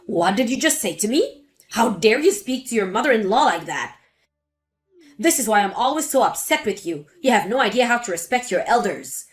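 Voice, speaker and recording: A woman's voice: a little high, very animated, normal speed, pitched below the performer's own voice. A woman voicing a spiteful, scornful older mother-in-law in a dramatic story reading. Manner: sneering, contemptuous.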